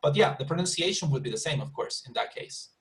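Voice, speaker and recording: A man's voice: fairly high pitch, expressive, fast talker, rough recording. Patient man teaching English online. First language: Spanish. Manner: patient, repeats and rephrases, checks understanding. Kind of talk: online class instruction.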